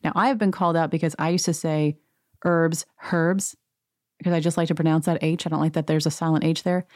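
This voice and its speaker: A woman rants her way through a reality TV recap with a sarcastic, gossipy edge. Her voice sits a bit low for a woman. The sound is close and dry, with no room around it. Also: steady tone, very fast, darkish tone, no room sound. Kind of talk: rant-filled casual recap.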